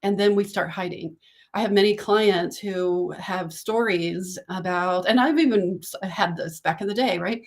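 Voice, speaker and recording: A woman's voice: medium pitch, unhurried. A woman business coach talking casually to camera, coaching and often checking in with "right?".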